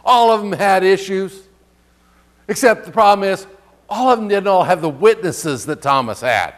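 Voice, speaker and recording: A man with a notably high voice preaches a sermon in a relaxed, conversational way. He asks the congregation questions and reads scripture aloud between his own comments. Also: normal speed. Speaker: pastor.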